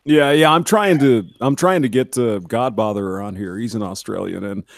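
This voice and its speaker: A man's voice: lowish voice, normal speed, creaky. A man in casual online chat, hesitant and wry, chuckling between remarks. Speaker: stream participant.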